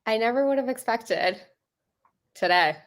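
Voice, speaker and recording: A woman's voice: on the high side, expressive, measured pace. A young American woman in casual chat, chatty and self-deprecating.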